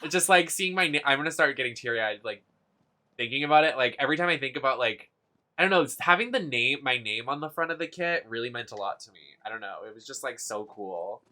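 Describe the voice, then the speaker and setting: A man's voice: medium pitch, expressive, quick pace, bright, forceful tone. Giggly, gushing young streamer man. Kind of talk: casual live game stream.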